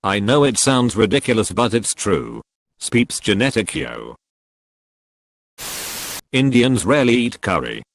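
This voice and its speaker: A man reads online posts aloud in a fairly low voice. His pitch rises and falls a lot as he moves from one post to the next. The sound is close and dry, with no room around it. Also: sing-song, unhurried, vocal fry, pauses often, dry recording. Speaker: narrator of forum posts. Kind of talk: scripted narration of online posts.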